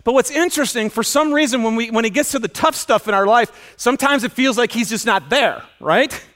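A man preaching a sermon in an auditorium, telling stories with lively acted-out dialogue. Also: brisk. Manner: animated storytelling, acts out dialogue with loud high shouts. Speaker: pastor.

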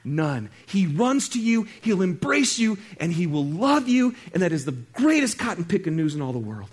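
A male pastor preaching a sermon, talking straight to his congregation and swinging between loud exclaiming and soft, hushed stretches. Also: high-pitched, big pitch swings, moderate pace, breathy edge. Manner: conversational, talks straight to the congregation.

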